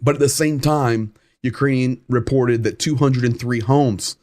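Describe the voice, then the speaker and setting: A man with a Southern American accent hosting a live-stream news update, talking conversationally, reading viewer comments and often pausing with "um.". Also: medium pitch, fairly even intonation, darkish tone, dry recording, clean studio sound. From United States.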